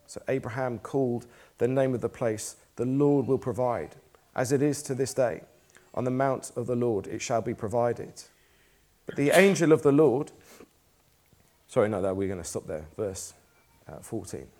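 A man's voice: medium pitch, normal speed, a little mellow. A man preaching a sermon in a church, reading scripture aloud in a conversational, lightly self-deprecating way.

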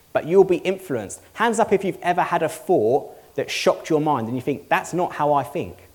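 A man's voice: a little high, a little mellow. A male pastor giving a sermon to a congregation, earnest and conversational, asking the room rhetorical questions. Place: church hall before a congregation.

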